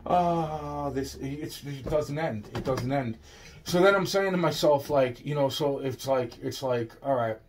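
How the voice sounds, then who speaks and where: A man's voice: medium pitch, a little slow, slight background noise. A man telling a long personal story straight to the listener, rambling, repetitive and full of swearing.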